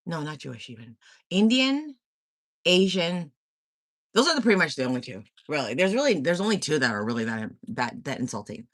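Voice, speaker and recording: Blunt, lively woman streamer. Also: deep voice, brisk, dry recording, studio quality. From Korea. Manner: blunt, profane, opinionated. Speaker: livestream host. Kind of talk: casual livestream chat reading comments.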